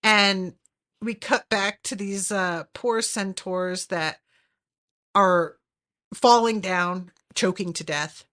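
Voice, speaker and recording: A woman's voice: mid-range voice, slow, a bit bright. A woman hosting a podcast, chatting casually and animatedly with lots of fillers and swearing. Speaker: podcast host. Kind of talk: casual recap chat.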